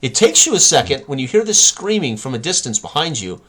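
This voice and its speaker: A man's voice: on the high side, very animated, fairly quick, crowd noise. A man narrating a tabletop game as game master, describing scenes while he searches for words.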